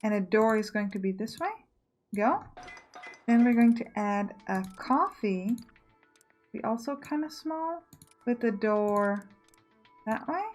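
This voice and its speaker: Let's play host, female, higher voice, musing and self-correcting, soft music behind. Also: takes it slowly, pauses often. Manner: thinking aloud, self-correcting. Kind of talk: casual gameplay commentary.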